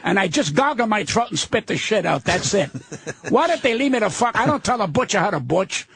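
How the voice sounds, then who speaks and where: A man's voice: high voice, sing-song, brisk, creaky, fairly bright tone. An older man, a guest comedian on a radio show, ranting brashly and swearing constantly.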